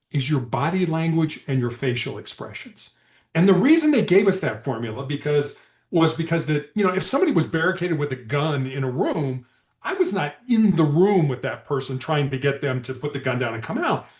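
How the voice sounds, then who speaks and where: Animated storytelling man, lively pitch. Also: normal speed. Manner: animated, acts out quoted dialogue. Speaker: podcast guest, former hostage negotiator. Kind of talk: conversational storytelling. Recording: echoey room.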